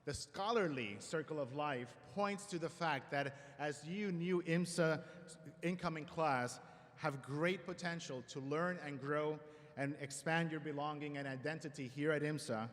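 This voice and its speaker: A man giving a formal convocation address at a school ceremony, measured with light self-deprecating humor, speaking at a podium microphone. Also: fairly high pitch, fairly bright tone. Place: large auditorium. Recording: long hall reverb in a large auditorium.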